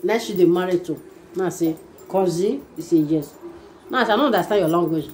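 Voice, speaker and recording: A woman with a Nigerian Pidgin English accent, vlogging casually to her channel in an animated way and often repeating herself. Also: fairly low pitch, a little fast. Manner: animated, repeats phrases, often asks "you no understand?". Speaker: YouTube vlogger. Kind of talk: casual chat to camera. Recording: echoey room with faint ambient noise.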